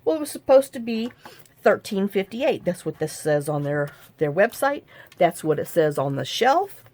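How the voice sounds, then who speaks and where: A woman's voice: fairly low pitch, big pitch swings, moderate pace, a little mellow. Rambling, chatty woman vlogger. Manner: rambling, chatty storytelling with frequent fillers and restarts. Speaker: crafting vlogger. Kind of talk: casual chat while crafting.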